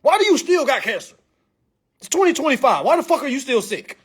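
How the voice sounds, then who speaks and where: High-voiced man on a profane rant. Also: very animated, brisk, fairly bright tone. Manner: blunt, profane, provocative, preachy. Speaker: vlog commentator. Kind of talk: ranting monologue.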